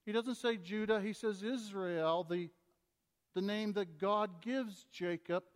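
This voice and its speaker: A man with a high voice preaches a sermon, rising to loud, emphatic scripture readings and then dropping low and quiet. His voice rings out through a long church reverb. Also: slow. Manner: preaching with big swings between loud emphasis and quiet asides. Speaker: pastor.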